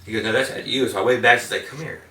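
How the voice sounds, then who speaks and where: Fast-talking man in an echoey room. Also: medium pitch, steady tone, sharp tone. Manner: rambling anecdotes. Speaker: interview guest. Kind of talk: casual storytelling. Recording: echoey room, mic at a distance.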